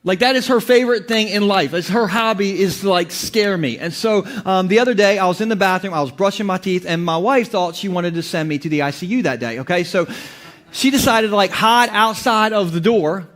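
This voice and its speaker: A man's voice: high voice, a little fast, a bit bright. A male pastor preaching a sermon in a playful, joking, conversational way, with many restarts.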